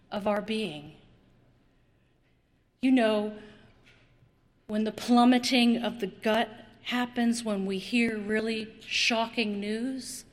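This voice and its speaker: Slow dramatic woman preacher in a reverberant church. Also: a little high. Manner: slow, dramatic preaching with long pauses and repetition. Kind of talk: sermon.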